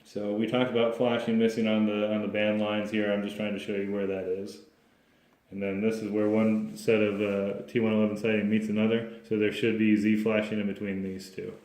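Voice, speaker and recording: A man's voice: lowish voice, monotone, brisk, darkish tone. A man working as a home inspector, explaining his findings to a client in a plain, practical way with frequent restarts. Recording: echoey room.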